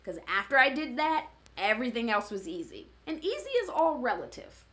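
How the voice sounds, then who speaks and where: A woman's voice: on the high side, big pitch swings, normal speed, bright, forceful tone. A woman who works as a fitness coach, giving a conversational motivational talk and often checking in with "right?". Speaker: fitness coach and former studio owner.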